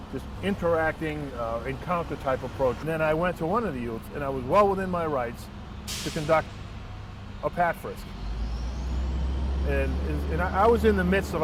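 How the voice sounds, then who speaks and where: A man, a transit police lieutenant, telling a work anecdote in an earnest, measured way with frequent restarts. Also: on the high side. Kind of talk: first-person anecdote and reflection. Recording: distant mic, faint outdoor traffic noise.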